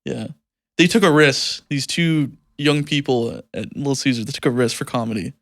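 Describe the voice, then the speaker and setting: A man's voice: medium pitch, normal speed, creaky, a bit bright, no echo. Laughing young male podcast co-host, dry sound. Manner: laughing often, loose and joking. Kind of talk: casual podcast banter.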